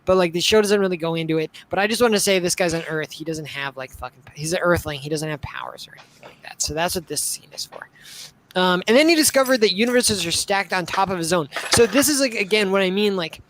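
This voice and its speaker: A man's voice: sits high, lively intonation, fast talker, hardly any pauses, fairly bright tone, a little hiss or hum, poor audio. A young man co-hosting a casual live-stream discussion, rambling with lots of filler words. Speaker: podcast co-host.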